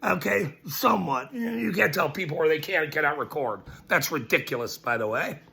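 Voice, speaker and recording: A man's voice: a little high, lively intonation, brisk, creaky, bright, forceful tone. A man ranting to camera, mocking and laughing between his lines and repeating his points emphatically. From Ireland. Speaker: citizen journalist.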